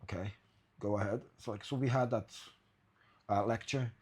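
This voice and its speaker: A man's voice: on the low side, steady tone, moderate pace, darkish tone, slightly rough. A man hosting a podcast, telling swearing, laughing anecdotes in casual chat. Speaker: podcast host.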